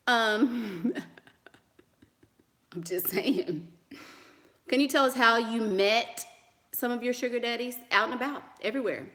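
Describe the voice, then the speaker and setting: A woman's voice: medium pitch, fairly bright tone. A woman vlogger answering viewer questions about dating in a sassy, blunt, dismissive way, laughing often and repeating lines for emphasis. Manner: blunt, sassy and dismissive, with frequent "honey" and "girl". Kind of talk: casual advice monologue.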